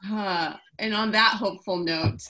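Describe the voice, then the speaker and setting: A woman hosts a casual video call in a bright, clear-toned voice. She speaks in a relaxed, candid way with a wry edge. The sound is that of a home video call. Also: medium pitch, a little slow. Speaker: director, host of the call.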